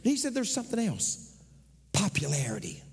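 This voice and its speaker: A middle-aged man preaching a sermon as pastor, swinging from shouts down to whispers. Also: high-pitched, big pitch swings, unhurried, slightly rough, in a large hall.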